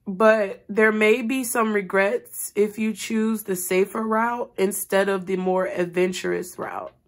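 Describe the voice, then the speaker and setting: A woman's voice: medium pitch, fairly even intonation, unhurried. A woman giving a tarot reading, talking earnestly and directly to her viewers in a rambling, spiritual way. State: crying, voice rising and breaking. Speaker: tarot reader.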